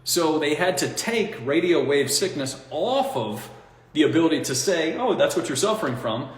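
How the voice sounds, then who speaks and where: A man talking in a casual, rambling monologue, animated and mocking, often breaking into laughter at his own points. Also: a little high, moderate pace. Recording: echoey room with long reverb.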